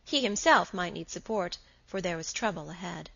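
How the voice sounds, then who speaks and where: Bright-voiced woman narrating an audiobook. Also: on the low side, expressive, moderate pace, vocal fry, dry recording. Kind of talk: scripted narration of a novel. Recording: slightly dull recording.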